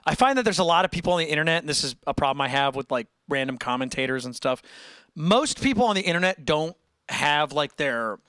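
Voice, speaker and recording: A man's voice: a little high, animated, fast talker, a bit bright, clean tone, no echo, studio quality. A man hosting a casual livestream, rambling and breaking off mid-sentence as he reads chat aloud. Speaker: livestream host.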